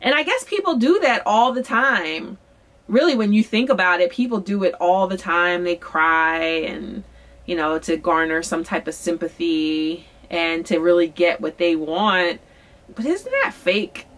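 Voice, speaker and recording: A young adult woman from Philadelphia, a singer-songwriter, telling a candid story to camera in a chatty, animated way. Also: on the low side, measured pace. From Philadelphia, USA. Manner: chatty, candid, animated, quotes people in lively voices.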